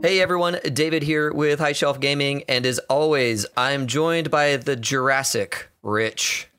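Relaxed male podcast host, medium pitch. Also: a little slow, clear, resonant tone, soft background music. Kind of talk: casual podcast chat.

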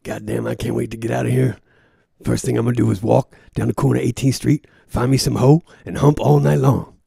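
A rough, gravelly convict sneers at everyone in street slang, as a man plays him. His voice is close and dry. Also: medium pitch, brisk, warm tone, no room sound. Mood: scornful. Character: crude, tough male convict, loud and scornful.

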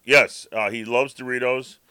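A man's voice: medium pitch, steady tone, measured pace, sharp tone, clean tone, no room sound. A man co-hosting a podcast, telling a rambling story in casual chat and acting out his cat's thoughts. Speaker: podcast co-host.

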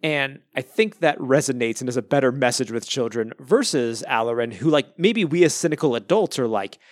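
A man's voice: mid-range voice, animated, fairly quick, dry recording, studio quality. Chatty man in a book podcast. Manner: rambling, lots of "like" and restarts, laughs now and then. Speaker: podcast co-host discussing a book. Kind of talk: casual chat.

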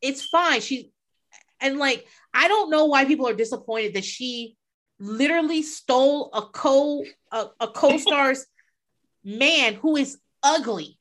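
Brief: female podcast co-host, profane, laughs a lot, slightly high pitch. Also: a little slow, fairly bright tone. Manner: profane, blunt, laughing often. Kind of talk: casual chat.

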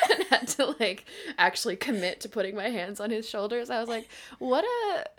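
Woman podcast co-host from Canada, casual and rambling, laughs a lot, swears, pitched a bit high. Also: moderate pace, a bit bright. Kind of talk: casual chat.

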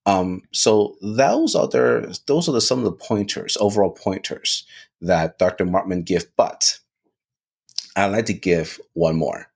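Deep raspy guy chatting on a podcast, keeps saying right?, animated and loose. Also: measured pace. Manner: animated, repeats words, lots of "right?". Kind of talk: casual discussion.

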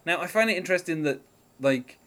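A man's voice: on the high side, expressive, fast, fairly bright tone. A man hosting a music podcast in casual chat, talking in a hesitant, rambling way with lots of fillers. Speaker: podcast host.

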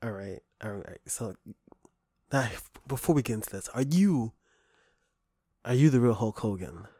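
A man hosting a comedic podcast, hoarse with his voice nearly gone, joking and self-mocking. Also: mid-range voice, lively intonation, unhurried, warm tone, no echo, studio quality. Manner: jokey, playful, self-mocking. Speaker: podcast host.

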